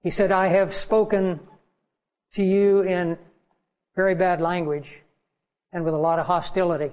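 A man's voice: sits high, level tone, measured pace, darkish tone, low-quality recording. A man preaching a sermon as pastor, earnest and pleading with his congregation.

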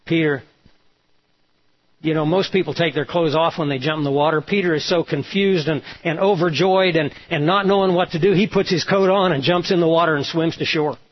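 A man's voice: fairly high pitch, fairly even intonation, brisk. A male pastor preaching a sermon, retelling a story and voicing the quoted lines with emphasis. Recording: dull lo-fi sound.

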